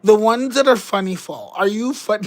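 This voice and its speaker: A woman's voice: medium pitch, animated, normal speed, low-quality recording. A woman, hosting a casual livestream and chatting in a giggly, rambling, joking way. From Canada. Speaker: livestream host.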